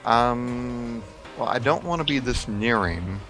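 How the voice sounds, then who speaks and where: A man's voice: medium pitch, lively intonation, takes it slowly, a bit bright. Male tabletop player, unsure and questioning, distant with music underneath. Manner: hesitant, asks questions. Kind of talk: casual game talk.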